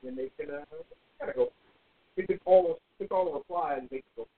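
A man's voice: sits high, a little fast, breathy edge. A man co-hosting a podcast in casual chat, agreeable and chiming in with short remarks. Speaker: podcast co-host. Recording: tinny phone-like audio.

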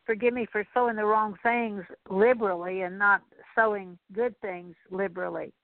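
A middle-aged woman leading a spoken prayer of repentance, slow and halting, with many fillers and repeated words. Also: mid-range voice, steady tone, no echo. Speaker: Christian teacher. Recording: tinny dry phone-like radio recording.

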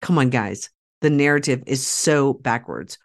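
A woman's voice: extremely low pitch, unhurried. A woman hosting a podcast, talking straight to her listeners in a persuasive monologue, emphatic and repeating key phrases for force. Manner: direct address to listeners, rallying tone. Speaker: podcast host.

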